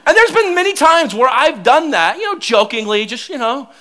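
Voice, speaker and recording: Animated, bright-voiced male pastor. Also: very high-pitched, normal speed. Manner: animated, self-mocking, laughs often. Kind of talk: sermon with humorous personal stories.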